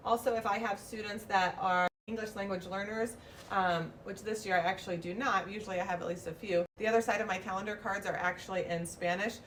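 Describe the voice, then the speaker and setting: A woman's voice: medium pitch, steady tone, brisk, a bit bright. A preschool teacher, a woman, walks through her classroom routine and drops into a sing-song teacher voice whenever she demonstrates. She is picked up from some distance in an indoor classroom, with a faint hum of background noise.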